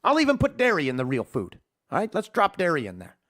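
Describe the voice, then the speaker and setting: Fast-talking and high-pitched, this man's fairly bright voice swoops wildly up and down. He hosts a podcast from his home studio, pouring out a heated, profane, emphatic rant.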